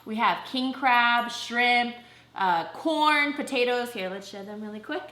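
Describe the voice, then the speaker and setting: A woman's voice: on the high side, measured pace, pushed and bright. A young woman hosting a casual food vlog at home, chatty and upbeat with lots of fillers. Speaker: YouTube vlogger host. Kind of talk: casual mukbang vlog chat. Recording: echoey room.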